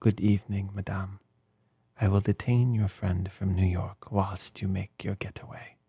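A man's voice: sits low, level tone, unhurried, warm tone, breathy edge, no echo, exaggerated voice. A man voicing a fussy, precise older male detective who speaks formally with mild reproach. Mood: reproving.

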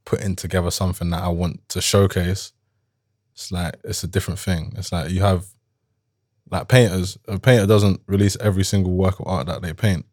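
A young man speaks in a very deep, low voice, thoughtful and unhurried in his reflections. He chats casually as an interview guest, often reaching for "like" as he thinks. The sound is close and dry, with no room around it. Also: fairly even intonation, a little mellow, no room sound. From South London, England. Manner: reflective, thoughtful, lots of "like" fillers. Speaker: musician guest.

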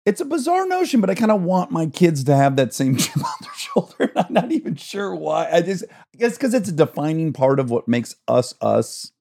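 A man's voice: a little high, sing-song, a little fast, gravelly, hardly any pauses, mellow. A man in his forties from Detroit hosting a podcast, asking chatty, curious questions. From Detroit, Michigan. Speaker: podcast host. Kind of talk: casual podcast interview.

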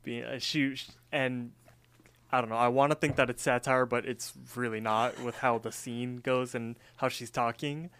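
A man's voice: mid-range voice, steady tone, moderate pace, a bit bright, clean tone, no room sound. Chatty man recapping in a dry room. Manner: rambling, filler-heavy storytelling. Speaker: podcast co-host. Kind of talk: casual episode recap.

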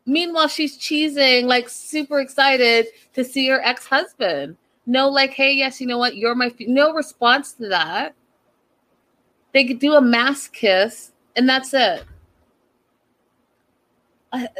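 A woman recapping a reality show in casual, gossipy commentary, animated and incredulous. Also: medium pitch, rough recording.

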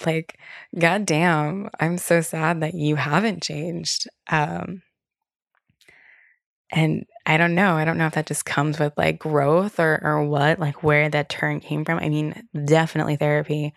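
A young woman with a low voice and a gravelly fry hosts her podcast solo, chatting loosely and candidly with plenty of "like" and a swear here and there. Her voice is recorded dry and close, with no room sound around it. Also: steady tone, a little slow, dry recording. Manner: loose, candid, filler-heavy talk with frequent "like" and swearing. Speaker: podcast host. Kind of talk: casual solo podcast chat.

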